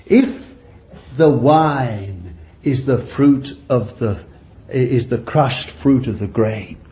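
A man preaching a sermon with deliberate phrasing, climbing to fervent high peaks and then dropping low and quiet. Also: a little hiss or hum. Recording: dull lo-fi sound in a roomy hall.

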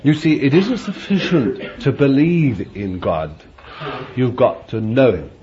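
A man's voice: mid-range voice, animated, unhurried, warm tone. Old guy preaching, chuckles a lot, repeats himself, dull muffled tape with a bit of hiss. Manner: chuckling, emphatic, repeats phrases. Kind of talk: sermon. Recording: dull lo-fi recording with faint background noise.

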